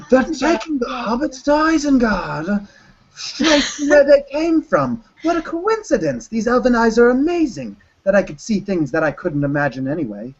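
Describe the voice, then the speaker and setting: A man hosting a casual online chat, teasing in a deadpan way with oddly broken phrasing. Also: high voice, moderate pace, breathy edge. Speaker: channeler hosting a hangout. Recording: dull lo-fi call audio.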